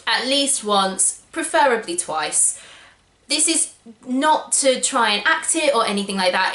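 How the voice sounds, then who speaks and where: Talking chattily to a camera on a tripod, a woman actor shares audition tips in a fairly high, expressive voice that's slow, bright, and forceful. The casual how-to vlog is recorded in a room with noticeable echo.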